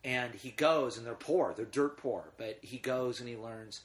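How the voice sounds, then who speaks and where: A man's voice: mid-range voice, measured pace. A middle-aged man, a guest in casual conversation, telling rambling stories with emotion and frequent restarts.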